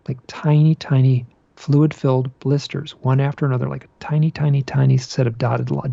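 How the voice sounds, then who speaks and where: A man being interviewed about a personal experience, telling it as an animated story, often repeating phrases and restarting his sentences. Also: mid-range voice, creaky, no echo, highs cut off. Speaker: podcast guest.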